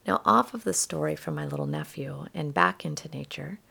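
A woman telling reflective personal stories in a soft-spoken way, often dropping into whispers. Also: low voice, fairly quick, gravelly, breathy edge. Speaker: spiritual storyteller.

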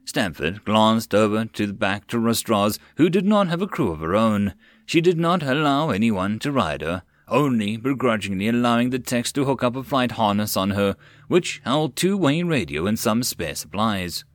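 A man narrating a web novel audiobook, expressive and swinging with the action. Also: lowish voice, normal speed, no echo, studio quality. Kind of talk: reading a web novel aloud.

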